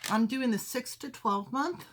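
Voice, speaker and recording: Slow chatty lady showing off her knitting, a bit high voice, rambly. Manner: chatty, rambling, self-correcting. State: briefly out of breath. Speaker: crafting podcast host. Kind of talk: casual chat. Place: home craft room with windows.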